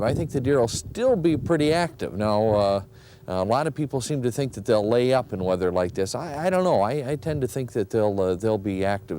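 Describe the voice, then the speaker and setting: A man giving an outdoor field report beside his truck, relaxed and thinking aloud. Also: lowish voice, slight background noise, poor audio.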